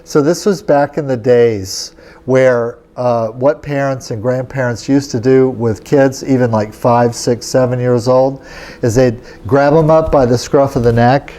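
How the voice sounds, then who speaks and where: Easygoing man telling a story, mellow voice. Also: medium pitch, fairly even intonation, unhurried. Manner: casual and chatty, often checks in with "okay?". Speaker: yoga teacher. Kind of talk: storytelling in a lecture.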